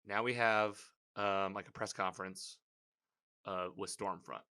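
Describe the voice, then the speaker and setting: A man casually recapping a TV episode, rambling with many fillers and animated reactions. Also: fairly low pitch, unhurried.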